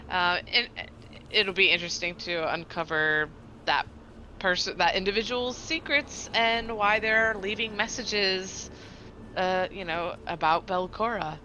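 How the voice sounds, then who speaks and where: A woman player chatting casually about the game session, with lots of ums and little laughs. Her voice is bright and forward, and a faint hiss sits under the noisy home voice chat. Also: on the low side. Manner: hesitant, filler-heavy, laughing.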